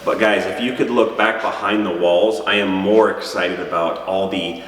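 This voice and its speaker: A man's voice: sits low, fairly even intonation, normal speed, a bit bright. A man in his thirties hosting a family vlog, talking earnestly and gratefully in a casual chatty way. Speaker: vlog host. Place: large empty house, indoors. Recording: echoey empty room, far from mic.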